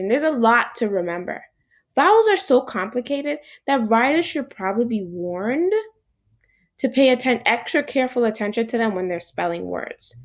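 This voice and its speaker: A woman teaching a recorded phonics lesson to young children, animated and encouraging, speaking to an unseen class. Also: a little high.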